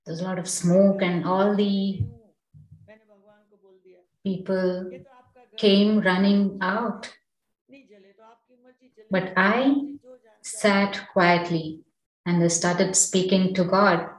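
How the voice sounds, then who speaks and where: A woman meditation teacher and center director giving a spiritual talk, telling personal stories in a calm, unhurried way. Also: mid-range voice. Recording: roomy sound from a distant mic.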